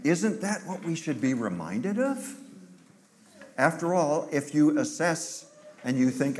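A pastor preaching an Easter sermon, animated and teasing, talking back and forth with his congregation. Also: medium pitch, slight background noise.

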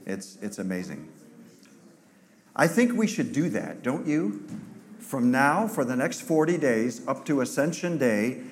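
A pastor preaching an Easter sermon, animated and teasing, talking back and forth with his congregation. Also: medium pitch, unhurried, slight background noise.

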